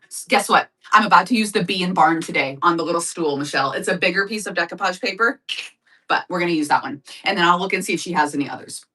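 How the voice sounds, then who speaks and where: A woman's voice: lowish voice, sharp tone, far from the mic. A woman hosting a live craft-supply sale, chatting casually and upbeat with viewers. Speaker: live shopping host. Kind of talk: casual live-stream sales chat.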